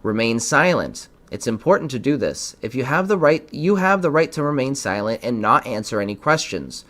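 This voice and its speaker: A man's voice: mid-range voice, a bit bright. A man hosting a podcast, giving earnest political commentary and often stumbling over his words. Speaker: podcast host.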